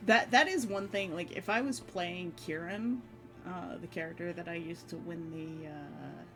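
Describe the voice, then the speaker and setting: A woman's voice: lowish voice, unhurried, a bit bright. Giggly woman streamer over music. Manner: giggly, rambling, laughs often between phrases. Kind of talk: casual stream chat. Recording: background music under voice. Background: background music.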